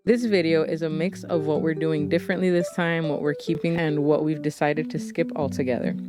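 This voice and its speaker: A young woman, a stay-at-home mom, narrating her vlog in a soft, relaxed, chatty voiceover, a little out of breath. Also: low-pitched, fairly quick. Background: guitar music.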